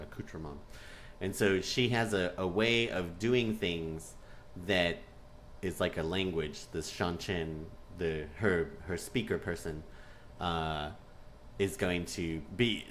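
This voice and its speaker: A man talking through a fantasy episode breakdown, animated and excitable, and he laughs often. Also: low-pitched, a little hiss or hum. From Texas. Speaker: show reviewer.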